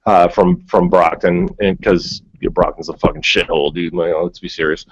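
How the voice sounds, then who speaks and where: A man's voice: low voice, fairly even intonation, normal speed, dull audio, slight background noise. A man from New England with a Massachusetts accent, rambling and swearing through stories in a casual chat on a group call. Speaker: panelist.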